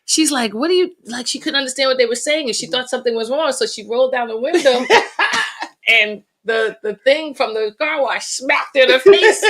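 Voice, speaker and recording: A middle-aged woman chats as a podcast guest, her voice bright and a little high. She tells family stories with energy and breaks into laughter at the funny parts. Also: normal speed. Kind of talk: casual storytelling chat.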